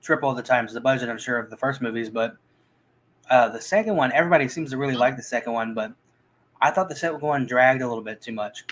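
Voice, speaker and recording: A man's voice: medium pitch, fast talker, fairly bright tone, a little hiss or hum, low-quality recording. A man reviewing movies in a casual, rambling chat, full of restarts and fillers.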